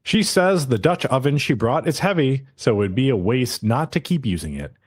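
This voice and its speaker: A man's voice: mid-range voice, sing-song, normal speed. A man hosting a podcast, casually recapping an anime episode and acting out the characters' lines with frequent swearing.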